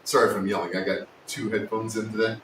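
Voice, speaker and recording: A man hosting a casual woodworking livestream, chatting and joking with his viewers, sometimes yelling, recorded in a workshop. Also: level tone, fast. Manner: joking, teasing, with sudden yells. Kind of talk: casual live-stream chat with viewers. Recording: echoey room, distant mic, faint rumble.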